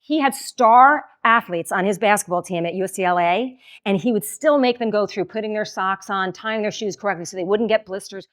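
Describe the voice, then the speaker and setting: A middle-aged woman giving a motivational keynote talk in a lively, conversational way, acting out the lines she quotes. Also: mid-range voice, brisk, hardly any pauses. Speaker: keynote speaker.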